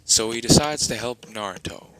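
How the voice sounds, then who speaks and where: A man's voice: mid-range voice, normal speed, a bit bright, rough recording. A man narrating an improvised fan story in a rambling way, with many fillers and restarts.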